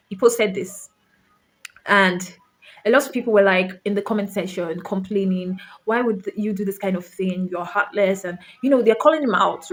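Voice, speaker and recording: A woman from Nigeria ranting to camera, emphatic and full of rhetorical questions, with some swearing. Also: mid-range voice. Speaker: vlogger. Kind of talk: impassioned rant to camera.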